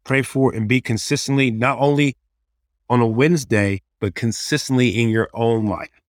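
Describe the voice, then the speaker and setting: A man's voice: mid-range voice, normal speed, no room sound, studio quality. Earnest man giving practical ministry advice. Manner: earnest, practical, acts out quoted prayers and kids. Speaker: youth ministry leader. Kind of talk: casual podcast advice.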